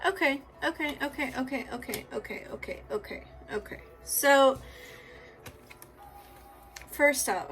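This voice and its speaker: A young woman doing a casual tarot reading, swinging from hushed prayers to loud, laughing, swearing outbursts. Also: high-pitched, takes it slowly, pauses often, faint music behind. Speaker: tarot reader.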